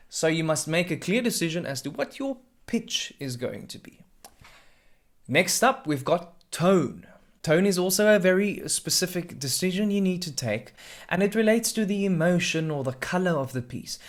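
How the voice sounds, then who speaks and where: A man who works as a drama adjudicator and mentor gives a scripted tutorial on preparing a performance. He speaks clearly and expressively and shows pitch, pauses and volume with his own voice. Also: animated.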